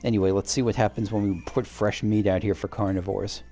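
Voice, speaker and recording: A man narrates his video game playthrough, thinking aloud and wandering between ideas with a relaxed, rambling delivery. His voice has a gravelly, creaky edge, with faint music under it. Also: fairly low pitch, a little fast. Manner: musing, rambling with filler words. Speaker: let's play host. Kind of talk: casual gameplay commentary.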